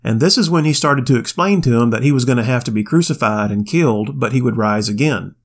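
Man, podcast co-host, casual bible commentary, wry asides, medium pitch. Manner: wry, plainspoken, quick asides.

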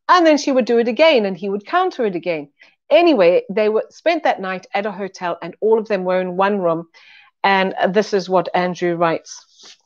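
A woman's voice: fairly low pitch, animated, a little fast, dull audio. A woman giving a weekly Bible teaching, earnest and conversational, retelling stories to make her point. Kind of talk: recorded teaching talk.

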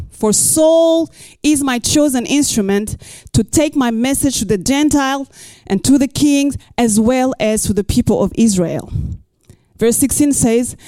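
A middle-aged woman pastor preaching a sermon and reading scripture, expressive, with playful asides and rhetorical questions. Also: high-pitched, clear, resonant tone, no echo.

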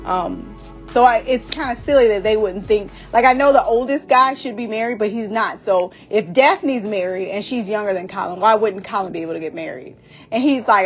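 A woman's voice: mid-range voice, fairly quick, lo-fi sound, soft background music. A woman giving a casual, blunt and profane TV recap. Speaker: podcast host recapping a TV series.

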